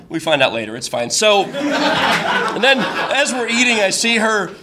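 A man's voice: sits high, normal speed, very noisy. A man telling a comic personal story on stage, chatty and full of restarts. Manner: conversational, with frequent restarts and fillers. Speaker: storyteller at a live show. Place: stage before a live audience.

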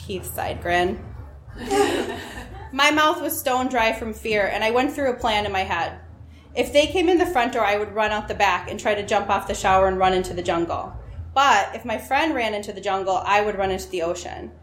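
A woman tells a personal story to an audience with a wry, self-mocking edge, often laughing at her own lines. Her voice sits at an ordinary middle pitch. The recording has a roomy echo with a faint wash of ambience behind it. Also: moderate pace, slight background noise.

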